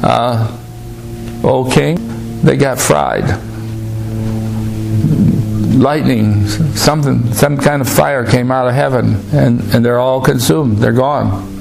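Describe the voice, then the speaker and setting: A man preaching a sermon, slowly retelling a scripture story with emphatic asides to the congregation. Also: medium pitch, gravelly, music in the background.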